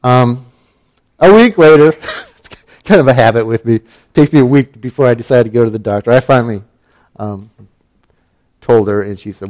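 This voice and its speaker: A man's voice: mid-range voice, moderate pace, pauses often, a little mellow. Wry middle-aged man telling a story. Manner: wry, self-mocking, with frequent fillers and restarts. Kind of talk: personal story told casually.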